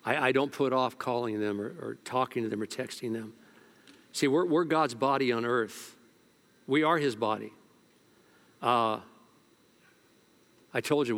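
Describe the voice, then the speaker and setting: An older man preaching as pastor alternates between booming exhortation and hushed stories, using colloquial, animated speech and repeating words when fired up. His voice sits at a medium pitch.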